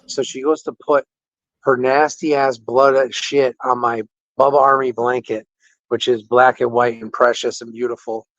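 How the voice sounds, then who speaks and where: A man casually telling an animated, indignant story about a care-facility visit, quoting the people involved. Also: medium pitch, normal speed, no room sound. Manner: animated, indignant retelling with quoted dialogue. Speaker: podcast host. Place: patient room in a care facility. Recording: dull, dry lo-fi audio.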